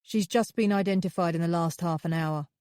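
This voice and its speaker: A woman's voice: fairly low pitch, brisk, dark tone, smooth, no room sound, clean studio sound, close to an everyday voice. A woman voicing a cold, detached male police officer who speaks in a clipped, patronizing, matter-of-fact way.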